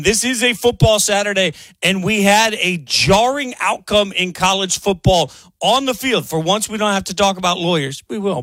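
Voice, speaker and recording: Man, sports radio host, emphatic, fairly high voice, dry studio sound. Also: dry recording. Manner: emphatic, animated. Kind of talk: casual sports radio talk.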